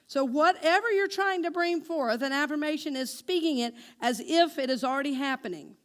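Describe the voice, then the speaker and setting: Woman minister giving a sermon, high voice, asks the congregation questions, says affirmations slow and deliberate. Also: animated, fairly bright tone. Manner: engaging the congregation with call-and-response questions.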